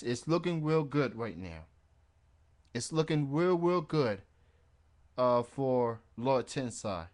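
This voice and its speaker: A man hosting a wrestling radio show in casual chat, rambling and laughing at his own jokes. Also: medium pitch.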